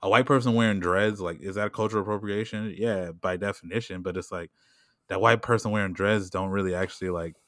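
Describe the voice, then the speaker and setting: Casting note: low-voiced guy, loose rambling talk full of fillers, dry close sound. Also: steady tone, a bit bright, dry recording. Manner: rambling, heavy "like" and "you know what I'm saying"; laughs often and puts on quick voices when quoting people. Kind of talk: casual chat.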